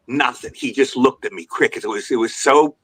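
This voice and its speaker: Fast-talking man telling a rambling story. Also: mid-range voice. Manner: rambling, animated, repeats himself. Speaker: podcast guest. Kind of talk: anecdotal storytelling.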